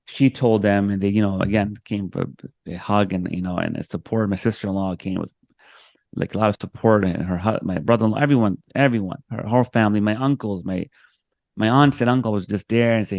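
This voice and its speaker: A man's voice: on the low side, fairly quick, gravelly, a little mellow, no echo. A man speaking as a guest on a video-call interview, telling a personal story with emotion, acting out what others said, with frequent restarts. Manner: emotional, acts out quoted voices, frequent restarts.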